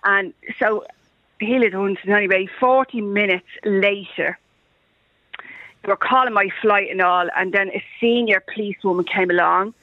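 Animated Irish woman caller on phone. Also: mid-range voice, normal speed, dry recording. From Ireland. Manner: animated, acts out voices in her story. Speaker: radio caller. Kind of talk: phone-in storytelling. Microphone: telephone. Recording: muffled phone line.

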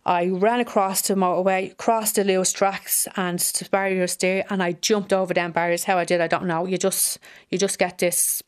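A middle-aged Irish woman, a bereaved mother, giving halting personal testimony that repeats phrases as she relives a hard day. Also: on the low side, flat delivery, smooth.

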